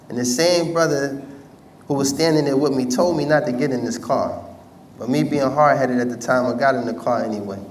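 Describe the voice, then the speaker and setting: American man, conversational storyteller, mid-pitched, mic set back, faint hiss behind. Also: a little mellow, distant mic. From United States. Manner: conversational storytelling, addresses audience directly. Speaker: speaker telling his life story. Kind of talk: personal testimony talk.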